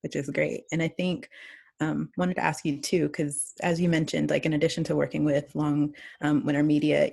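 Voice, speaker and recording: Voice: medium pitch, gravelly, darkish tone, slightly rough. A podcast host asking friendly, hesitant interview questions full of fillers.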